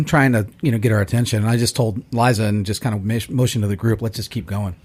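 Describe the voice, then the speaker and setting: A man's voice: on the low side, fast. A man co-hosting a podcast, explaining things in casual chat with frequent restarts. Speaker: podcast co-host.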